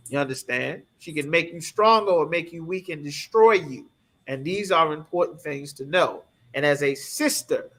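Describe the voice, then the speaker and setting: A man's voice: a little high, a bit bright. A man teaching a scripture class in an emphatic preaching manner, often checking in with his listeners. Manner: emphatic, keeps asking "you understand?".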